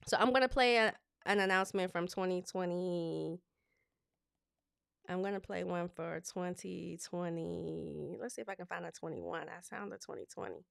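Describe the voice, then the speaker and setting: Lively woman speech coach, smooth voice. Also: lowish voice, normal speed, dry recording, studio quality. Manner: lively, expressive, conversational. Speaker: speech coach hosting a live show. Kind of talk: live coaching talk.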